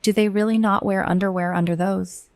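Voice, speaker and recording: A woman reading a bubbly young female college student who gushes with excitement. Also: medium pitch, brisk, smooth, no room sound, close to an everyday voice. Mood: gushing. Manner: gushing and excited.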